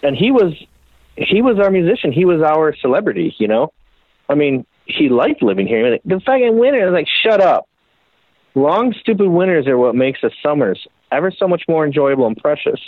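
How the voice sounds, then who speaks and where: A man's voice: a little high, very animated, brisk, no room sound. A man from the Minneapolis area, a custom bike builder being interviewed, telling stories in a casual, profane, self-deprecating way. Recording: dry phone-like audio.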